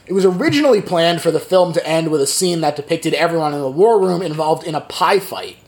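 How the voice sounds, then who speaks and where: A man's voice: on the high side, lively intonation, quick pace, a little hiss or hum. A man hosting a podcast, recapping a film in casual chat and laughing often. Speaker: podcast host.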